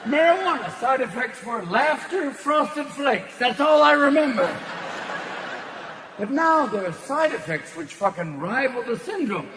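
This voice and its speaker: A male stand-up comedian doing a profane, manic set with rapid shifts in voice. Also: extremely high pitch, very animated. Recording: live show with crowd and noise. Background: audience laughter.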